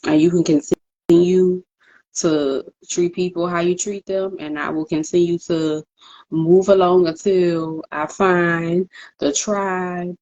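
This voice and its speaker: A woman's voice: on the low side, steady tone, takes it slowly, warm tone. A woman co-hosting a podcast in casual chat, talking bluntly and emphatically, with frequent swearing and laughter. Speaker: podcast co-host. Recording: dull lo-fi recording.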